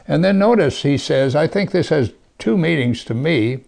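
This man's voice is gravelly and creaky, pitched on the high side, and he delivers a sermon at normal speed with few pauses. He reads a scripture passage, comments on it expressively, and occasionally sinks into a quiet, hushed tone for emphasis.

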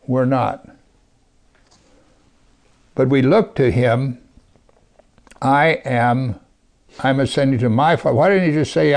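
A man with a gravelly, creaky voice preaches a sermon. He reads scripture and then comments on it, sometimes sinking to a soft, hushed tone to press a point home. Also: mid-range voice.

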